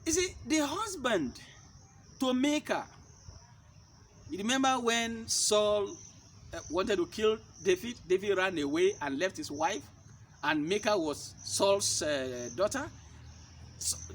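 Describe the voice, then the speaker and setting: A man's voice: high-pitched, sing-song, a little slow, a bit bright, slight background noise. A man preaching a sermon-style teaching. He fires rhetorical questions at his listeners and hammers his points by repeating them. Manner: emphatic, repeats key points.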